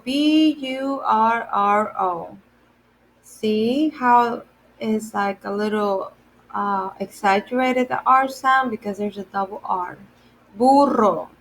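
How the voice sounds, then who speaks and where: A woman gives a children's lesson at an unhurried pace, with a voice sitting a little above the usual range. She repeats every word and spells it out letter by letter. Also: on the high side, slight background noise. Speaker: day camp Spanish teacher. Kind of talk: slow, patient lesson for children.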